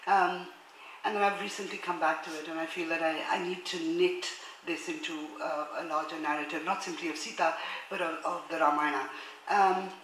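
Woman lecturer with a bright, crisp voice, formal read-aloud delivery, filler-heavy asides, roomy hall echo. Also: deep voice, fairly even intonation, normal speed, slight background noise. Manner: hesitant between readings, many fillers and restarts.

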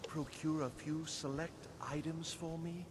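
A man's voice: fairly high pitch, little pitch movement, unhurried, in a large hall, noisy background, natural voice. A man voicing a nervous, fussy male scholar-mage in a video game, hesitant and apologetic.

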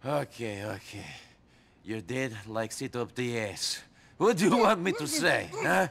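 An actor playing a hardened war veteran in a game, talking in a grim, dry, deadpan way. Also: male voice, mid-range voice, unhurried, gravelly, exaggerated voice. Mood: defiant. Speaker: game protagonist.

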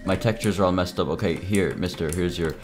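A young man casually commenting while playing a game, mumbling and halting, with many fillers. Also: deep voice. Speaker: gaming video creator. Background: game music.

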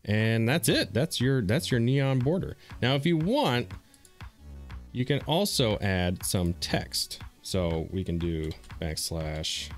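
A man calmly guiding viewers step by step through a software design tutorial, with easy fillers and small repeats. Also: medium pitch, takes it slowly, faint music behind. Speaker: streamer teaching a design tutorial. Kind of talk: screen-recorded software tutorial.

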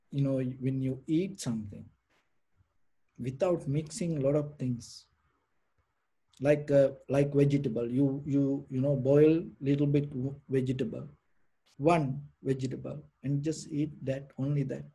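Soft, husky-voiced man teaching meditation. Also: mid-range voice, fairly even intonation, a little slow, long pauses. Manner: rambling, many restarts and "you know" fillers. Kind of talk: informal dharma talk.

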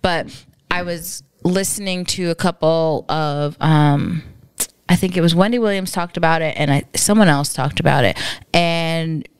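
Chatty Worcester woman with a low voice. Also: measured pace, smooth, dry recording. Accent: Worcester, Massachusetts. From Massachusetts, United States. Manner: chatty, thinks aloud with many restarts. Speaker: podcast co-host. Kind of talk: casual chat. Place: home.

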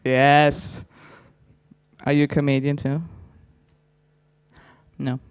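Man, stand-up comedian, slightly high voice, crude teasing crowd work, live stage. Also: monotone, extremely slow, clear, resonant tone, no room sound. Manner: crude, teasing, chatty banter with audience.

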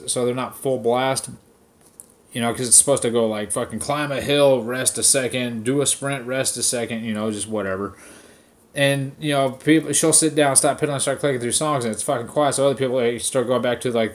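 A man's voice: mid-range voice, normal speed. A man hosting a podcast, ranting casually with heavy swearing and mocking impressions of people. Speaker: podcast host. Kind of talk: casual profane rant.

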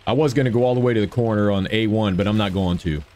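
A man's voice: fairly low pitch, fast talker, a little mellow. A man giving upbeat gameplay commentary and cheering on his own shots. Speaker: gaming video creator.

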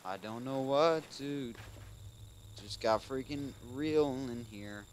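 Brief: male let's-play host, mid-pitched, casual and easily frustrated, some faint hiss behind. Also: slow pace, rough recording. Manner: casual, keeps saying "dude"; swings between mutters and loud frustrated outbursts. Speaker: gaming video host.

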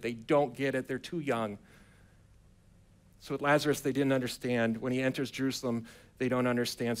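A man preaching a sermon in a church, retelling scripture in a casual, chatty way and acting out the characters' lines with modern slang. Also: mid-range voice. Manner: casual storytelling preacher who acts out quotes in a relaxed, modern voice. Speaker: pastor. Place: church sanctuary.

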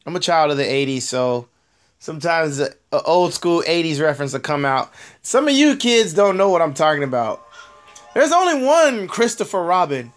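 A man in his thirties with a hoarse voice, chatting casually and laughing at himself while commenting on a mobile game at home. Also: fairly high pitch, animated, fairly quick.

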